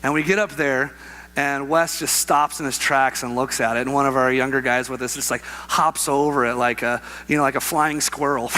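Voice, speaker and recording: A young adult man preaching a sermon, telling a personal story with lively acted-out voices and laughter. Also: mid-range voice, brisk. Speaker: pastor.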